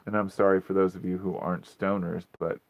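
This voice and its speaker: A man with a US Pacific Northwest accent hosts a casual livestream from his phone, telling long, rambling stories full of swearing. His voice is low and level, a little fast. The audio is dry, dull lo-fi phone sound.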